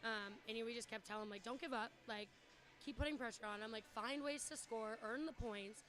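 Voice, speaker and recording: A woman's voice: fairly high pitch, a little fast, fairly bright tone. Breathless woman coach, chatty. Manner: casual, lots of fillers. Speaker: volleyball coach. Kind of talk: post-game interview.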